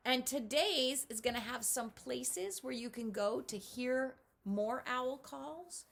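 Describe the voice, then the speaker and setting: A middle-aged woman giving children a lively home lesson, speaking right to the kids and doing bird calls. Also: sits high, takes it slowly, gravelly. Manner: animated, talks straight to kids, imitates owl calls. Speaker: children's author teaching at-home learners. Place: home, indoors.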